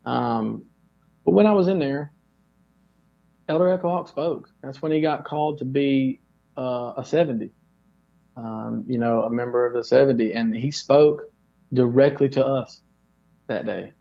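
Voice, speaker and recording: A man in his thirties from North Carolina talks through a personal story, earnest and unhurried, full of little fillers. His voice has a gravelly edge, and the recording sounds dull and lo-fi. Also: mid-range voice. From Pembroke, North Carolina. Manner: earnest, animated, many fillers like "like" and "um". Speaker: interview guest. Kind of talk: casual storytelling. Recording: dull lo-fi audio.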